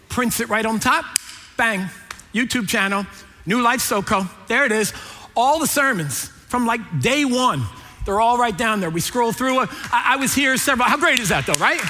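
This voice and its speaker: Middle-aged male preacher, bright sharp voice, joking storyteller, echoey hall. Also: very high-pitched, moderate pace, slight background noise. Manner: animated, jokey, acts out quoted voices. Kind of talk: sermon with humorous storytelling. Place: large church hall.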